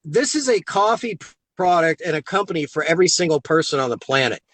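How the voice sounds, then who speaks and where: A man on a video call telling an excited story about his own results, acting out the lines of the people in it. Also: a little high, fast talker. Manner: excited, acts out quoted dialogue. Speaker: guest giving a product testimonial. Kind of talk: animated storytelling on a live call.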